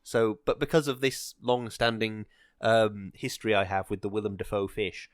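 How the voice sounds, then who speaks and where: A man's voice: on the low side, level tone, moderate pace, no echo, studio quality. A man co-hosting a podcast, chatting casually in a rambling, hesitant way with many fillers. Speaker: podcast co-host. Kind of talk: casual chat.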